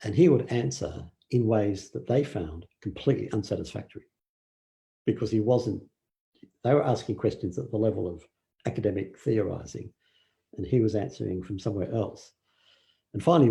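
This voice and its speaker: An older man giving a relaxed dharma talk, telling stories with fillers and acted quotes. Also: fairly low pitch, moderate pace, creaky. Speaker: meditation teacher.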